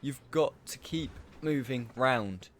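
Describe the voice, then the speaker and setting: A man's voice: medium pitch, takes it slowly, fairly bright tone. A man giving casual, chatty commentary over his own gameplay, explaining tactics and poking fun at himself.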